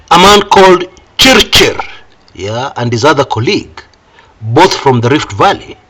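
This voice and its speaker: An older Kenyan man with a Kenyan accent giving solo political commentary in an emphatic, animated way, breaking into wry laughter between points. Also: on the high side.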